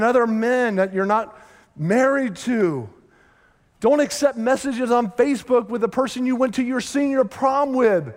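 Emphatic pastor with a high voice. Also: male voice. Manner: emphatic, acts out quoted voices. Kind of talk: sermon. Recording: long hall reverb.

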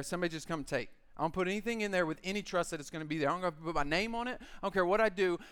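This clean, smooth-sounding male voice, pitched high for a man, belongs to a pastor delivering a relaxed sermon at church. He's an animated storyteller who jokes constantly and briefly acts out the lines he quotes.

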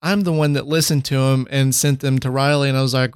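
A man's voice: medium pitch, fairly even intonation, quick pace, few pauses, clear, resonant tone, dry recording, clean studio sound. A man co-hosting a horror podcast in casual chat, laid-back and jokey with lots of fillers. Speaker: podcast co-host.

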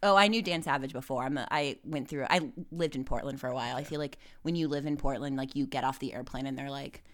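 A woman's voice: rumbling low, fast. A woman in her twenties from the United States, chatting casually as a podcast guest and using lots of filler words. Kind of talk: casual chat.

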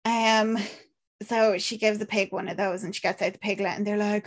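A woman's voice: medium pitch, fairly even intonation, a little fast. A woman with an Irish accent chatting casually as a podcast co-host, rambling with lots of fillers and acted-out quotes. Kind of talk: casual chat recapping a film.

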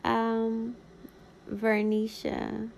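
A woman's voice: on the high side, completely flat delivery, drawn-out words, gravelly, a little mellow, slight background noise, low-quality recording. A woman in her thirties hosting a podcast, reading old notes aloud in a casual way with short asides of her own. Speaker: podcast host.

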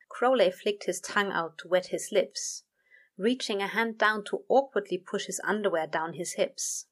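A woman narrating a story aloud in a steady, measured way. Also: mid-range voice. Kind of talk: reading fan fiction aloud.

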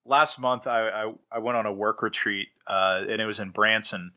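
A man's voice: lowish voice, steady tone, moderate pace, bright, forceful tone. A man casually telling a story on a podcast, rambling with fillers and laughing mid-sentence.

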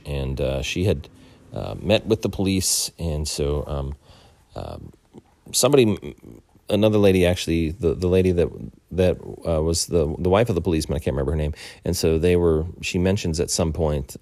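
Very low, dark-voiced man, casual film recap, dry close recording, halting delivery. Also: no echo. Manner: halting, many fillers and restarts. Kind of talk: casual film plot retelling.

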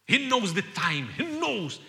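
A man's voice: high-pitched, sing-song, measured pace, creaky. Impassioned preacher man in a reverberant hall. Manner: impassioned, repetitive preaching that builds to loud cries. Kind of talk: sermon.

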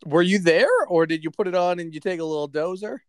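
A man's voice: high-pitched, fast talker. A man co-hosting a podcast in casual chat, teasing and joking with his friends. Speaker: podcast co-host.

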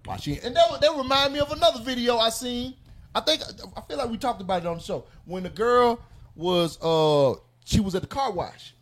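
A man telling stories in an animated, profane way, hosting a casual podcast chat. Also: extremely high pitch, fairly quick.

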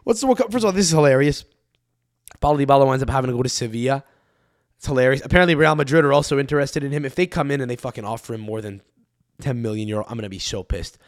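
A young man hosting a solo podcast, ranting in a profane, animated way into a close mic. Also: medium pitch, fast, no room sound. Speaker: podcast host.

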